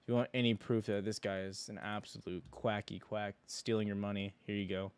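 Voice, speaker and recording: A man's voice: fairly low pitch, flat delivery, fairly quick, clean tone, dry recording. Rambling young man on a livestream. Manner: rambling, joking, slangy, with bursts of loud mockery. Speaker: livestream stock trading host. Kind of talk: casual livestream chat.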